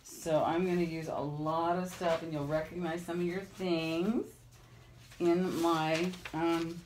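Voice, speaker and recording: Woman, low voice, rambling crafting chat, noisy home recording with clicks. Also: fairly even intonation, takes it slowly. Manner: chatty, rambling, self-talk while working. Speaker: crafting vlogger. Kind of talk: casual crafting chat to camera.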